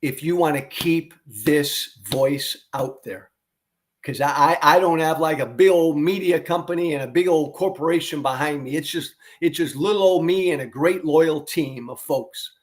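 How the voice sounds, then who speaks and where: A man's voice: on the high side, normal speed. A man hosting a political podcast, delivering a fervent, blunt monologue full of profanity and repeated phrases for emphasis.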